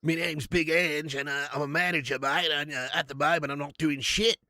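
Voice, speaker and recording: A man's voice: a little high, steady tone, a little fast, pushed and bright, no echo. Man doing a jokey Australian manager impression: broad put-on accent, drawling, slangy, blokey, in a dry room. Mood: joking. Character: blokey Australian football manager, laid-back middle-aged man.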